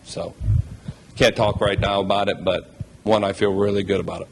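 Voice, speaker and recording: A man's voice: on the low side, level tone, moderate pace, noisy background. A man speaking as a new head basketball coach at a press conference, heartfelt, emotional and thankful.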